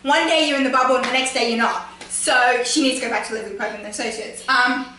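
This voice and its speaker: A woman giving a rambling, gushing fan review of a TV episode, excited and often laughing. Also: on the high side, quick pace. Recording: echoey room from far off, faint noise.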